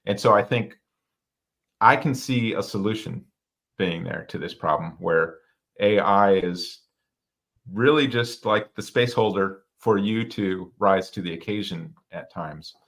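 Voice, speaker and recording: A man's voice: fairly low pitch, a little slow, fairly bright tone. A man co-hosting a podcast, speaking reflectively and thinking ideas through aloud. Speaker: podcast co-host. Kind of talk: casual discussion.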